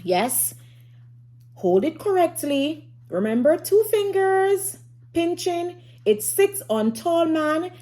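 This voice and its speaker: Slow, sing-song woman teaching phonics. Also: very high voice, very animated, mellow. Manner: slow, sing-song and encouraging, drops to whispers for suspense. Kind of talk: phonics lesson for young children.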